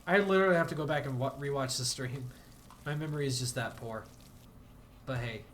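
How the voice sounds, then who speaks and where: There's a touch of brightness and a slightly quick pace to this man's mid-range voice, with faint noise in the background. While streaming a game, he chats loosely and drifts, mocking himself and bursting out in exaggerated outrage for laughs, the casual livestream commentary style.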